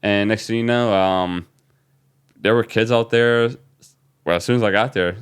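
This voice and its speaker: A man from New Orleans, a young adult, guest on a podcast, telling an excited story with many fillers. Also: fairly low pitch, normal speed, clean tone. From New Orleans, USA. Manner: animated, excited retelling with fillers. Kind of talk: casual storytelling.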